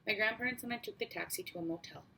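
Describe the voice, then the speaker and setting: A woman narrating a first-person audiobook in a steady, measured way. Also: medium pitch, gravelly, slight background noise, low-quality recording. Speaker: audiobook reader.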